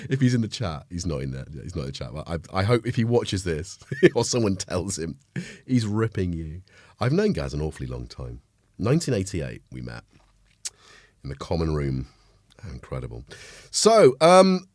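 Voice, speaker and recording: A man's voice: on the low side, dry recording, clean studio sound. A middle-aged man from North Wales with a North Welsh accent, chatting casually with viewers on a live stream while he has a cold. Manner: chatty, greets viewers, jokey asides. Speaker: livestream host.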